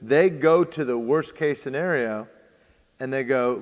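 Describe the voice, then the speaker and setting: A man's voice: medium pitch, unhurried. A man in casual conversation, spinning a story and slipping into the voices of the people in it. He hesitates often with uh and um. His voice rings out with a long hall reverb. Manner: storytelling, acts out quoted dialogue, many fillers. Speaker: baseball training host.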